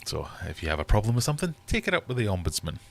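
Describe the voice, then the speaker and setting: Running a live-stream quiz from his fish room, a man chats casually and teases his viewers. His lowish, creaky voice is very animated and very fast.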